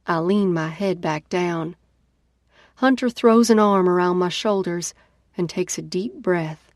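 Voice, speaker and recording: A woman narrates a first-person novel in an unhurried way. Her voice is lowish and her pace very slow. The recording is dry, with no room sound. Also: fairly even intonation, a little mellow, no echo. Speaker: audiobook narrator.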